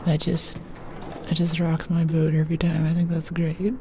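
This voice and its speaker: Woman streamer, soft-spoken ASMR gaming talk, deep and dark-toned, playful whispers. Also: completely flat delivery, normal speed, slight background noise. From United States.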